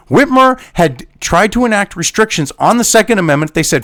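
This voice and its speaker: This male commentary host reads an article aloud and rants at it angrily, hurling profane, sarcastic insults on his political show. His high voice is animated and fairly bright at a moderate pace, recorded cleanly in a studio with no echo.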